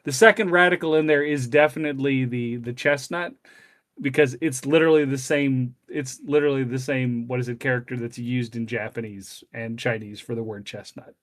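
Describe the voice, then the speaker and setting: A man's voice: mid-range voice, fairly even intonation, a little fast, no room sound, clean studio sound. A man co-hosting a casual discussion, explaining carefully while thinking aloud. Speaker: co-host reading the text.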